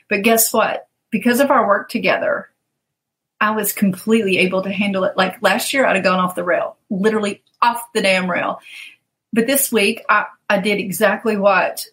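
A woman's voice: medium pitch, steady tone, normal speed, a bit bright, rough recording. A woman coach telling stories in a casual interview, animatedly acting out the people she quotes and laughing often.

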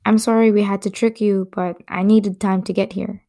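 A woman reads a gentle young man speaking tenderly to his partner. The tone is soft, mellow and a little gravelly. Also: medium pitch, flat delivery, normal speed, close to an everyday voice.

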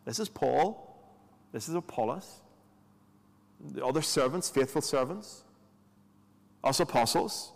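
A man preaches in a relaxed, conversational way, sprinkling in rhetorical questions and dry asides. His voice sits at a middle pitch. Long reverb from a large hall trails every phrase. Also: measured pace, vocal fry, pauses often. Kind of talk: sermon.

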